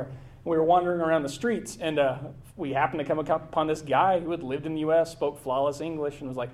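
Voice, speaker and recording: A man's voice: a little high, steady tone, fairly quick, darkish tone. A middle-aged American man giving a casual travel slideshow talk, rambling with many fillers and restarts. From United States.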